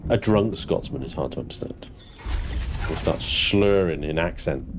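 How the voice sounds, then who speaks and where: Over a noisy background, a young adult British gaming livestreamer with lively intonation and normal pacing chats with his viewers. He's talkative, laughs often, curses without restraint, and squeals high in mock indignation.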